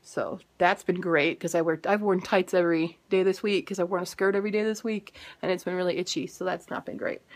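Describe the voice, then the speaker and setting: A woman's voice: lowish voice, steady tone, a little fast, few pauses. Bubbly rambling woman vlogger. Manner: bubbly, rambling and self-mocking. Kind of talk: casual video diary.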